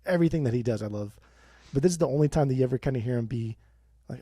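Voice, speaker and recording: A young man co-hosting a podcast in casual chat, animated and swearing often, with rants that jump high. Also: racing, husky, no room sound, studio quality. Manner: animated, swears a lot, bursts of high-pitched ranting. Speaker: podcast co-host.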